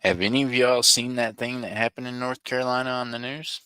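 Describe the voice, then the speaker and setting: A man's voice: medium pitch, little pitch movement, brisk, sharp tone, clean tone, no echo. A man hosting a casual live stream, chatting with viewers by name in rambling, joking, slangy banter and laughing often. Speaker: livestream host.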